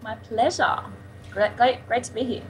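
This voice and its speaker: A woman's voice: fairly high pitch, normal speed, slight background noise, low-quality recording. Bubbly Australian woman on Skype. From Sydney, Australia. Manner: bubbly, laughs often. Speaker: guest, singer-songwriter. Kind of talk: casual interview over Skype. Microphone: Skype call.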